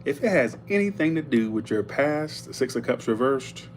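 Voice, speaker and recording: Man, tarot reader, casual livestream, chatty, blunt, medium pitch, faint hum behind. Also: animated, normal speed. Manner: chatty and blunt, thanking viewers for tips. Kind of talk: casual live tarot reading.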